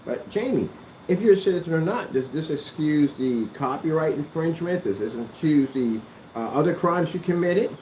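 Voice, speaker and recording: A vlogger with a fairly high-pitched, darkish voice scolds someone to camera at normal speed, with lively intonation. He's sarcastic and repeats himself a great deal. The room is echoey, with slight background noise.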